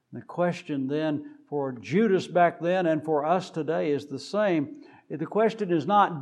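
A man preaching a sermon, deliberate and measured with frequent pauses, building to emphatic rises on key points. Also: fairly high pitch, animated, vocal fry, darkish tone.

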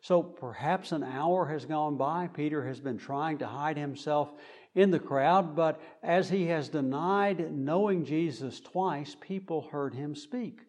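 A man preaching a sermon, speaking deliberately with frequent fillers. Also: a little high, a little mellow.

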